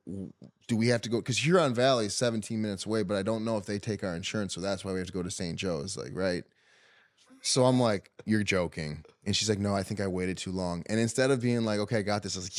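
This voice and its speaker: Animated man telling a story on a podcast. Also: fairly low pitch, dry recording, clean studio sound. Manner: animated, swearing, acts out quotes. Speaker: podcast host. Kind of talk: casual storytelling chat.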